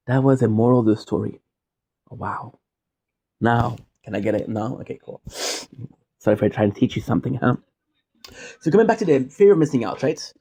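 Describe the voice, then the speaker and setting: A man's voice: medium pitch, vocal fry, dark tone. A man from Quebec, chatting casually and jokingly, drifting off on side tangents as a streamer. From Quebec, Canada. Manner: rambling, jokey, goes off on side tangents. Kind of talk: casual rambling monologue.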